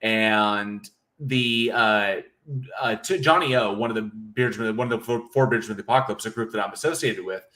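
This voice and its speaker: A man's voice: on the low side, moderate pace, pushed and bright. Joking, swearing streamer man. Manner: loose, joking, profane, reads chat aloud. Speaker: livestream host. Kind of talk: casual livestream chat reading viewer comments.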